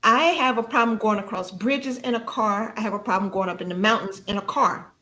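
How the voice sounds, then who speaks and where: A woman guest on a podcast telling a personal story in an animated conversational way, laughing often and jumping high in pitch when she quotes herself. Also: a little fast.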